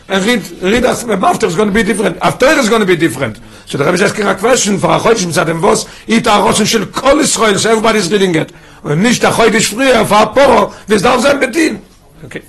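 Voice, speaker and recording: Man, rabbi teaching a class, emphatic, quick pace, husky voice. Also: high-pitched, a bit bright. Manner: emphatic, mixes in Yiddish and Hebrew terms. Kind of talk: Torah class lecture.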